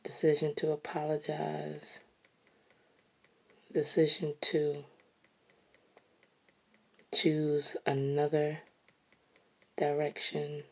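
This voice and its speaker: A woman musing aloud while she draws, slow and reflective, sometimes dropping to a soft whisper. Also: low-pitched, completely flat delivery, creaky, slightly rough. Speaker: artist narrating while drawing. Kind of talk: reflective casual monologue.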